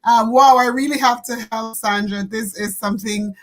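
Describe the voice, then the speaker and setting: Woman host with a high voice, earnest and heartfelt, casual show talk. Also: steady tone, normal speed, low-quality recording. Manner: earnest, repeats words, laughs often.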